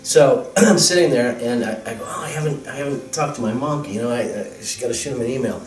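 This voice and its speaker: Male guest recounting an anecdote in a lively way, room-miked from a distance with faint music. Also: mid-range voice, quick pace. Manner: animated, laughing, quotes voices. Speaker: guest telling his story. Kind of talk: casual storytelling. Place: temple hall. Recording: roomy sound from a distance, music.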